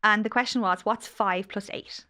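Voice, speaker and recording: A woman's voice: medium pitch, fairly even intonation, normal speed, sharp tone. A woman in her late thirties, a podcast guest and angel healer, telling stories in an effusive, emotional way. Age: late 30s. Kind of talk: casual podcast conversation.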